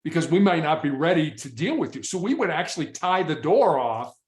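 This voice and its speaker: A man's voice: a little high, very animated, brisk. A man who was a SWAT hostage negotiator tells stories in conversation, often restarting and repeating words. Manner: frequent repetitions and restarts. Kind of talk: conversational interview storytelling. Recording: echoey room.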